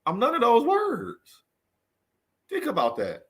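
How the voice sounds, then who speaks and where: A man's voice: extremely high pitch, wildly swooping pitch, slow, a bit bright. A man speaking in an unscripted, heartfelt monologue, earnest and preachy, full of restarts, repeated phrases and emphatic rhetorical questions. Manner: emphatic rhetorical questions, swinging between raised and subdued delivery. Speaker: vlogger giving a motivational talk.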